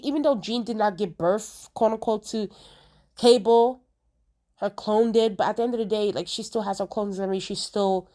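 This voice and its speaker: A woman's voice: medium pitch, a little mellow. A young woman talking through a TV episode in a casual review vlog, chatty and emphatic, repeating herself for effect. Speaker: TV show reviewer.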